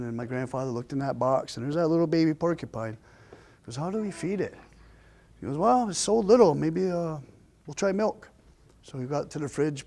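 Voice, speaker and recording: Man telling a family story aloud. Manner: lively, acts out quoted voices with pitch jumps. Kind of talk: oral storytelling.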